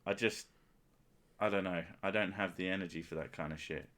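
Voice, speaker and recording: A man with a lowish voice hosts a casual livestream. He chats in a loose, rambling way with crude jokes, often at his own expense. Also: steady tone, fairly quick, a bit bright. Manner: joking, crude, self-mocking. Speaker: streamer and host.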